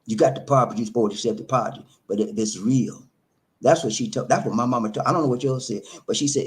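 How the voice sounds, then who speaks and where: A man's voice: medium pitch, fast. A man, hosting an emphatic, preachy monologue on relationships, full of repetition and rhetorical questions. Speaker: relationship talk host.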